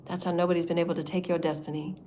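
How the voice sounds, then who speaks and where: A woman's voice: fairly low pitch, little pitch movement, rapid-fire, a little hiss or hum. Impassioned woman leading a spiritual meditation. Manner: impassioned, swings between soft murmurs and loud declarations; repetitive, chant-like phrasing. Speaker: spiritual channeler. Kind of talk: guided meditation sermon.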